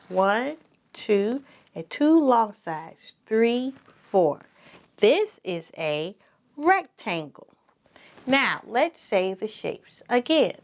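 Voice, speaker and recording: A woman teaching preschoolers, saying each word slowly and repeating it for the children to echo, with lots of praise. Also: fairly high pitch. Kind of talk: slow sing-song preschool lesson.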